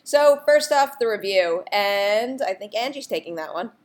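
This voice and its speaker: A woman's voice: medium pitch, animated, normal speed. A woman hosting a movie podcast, introducing her co-hosts in a friendly, conversational way. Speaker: podcast host. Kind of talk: casual movie talk show.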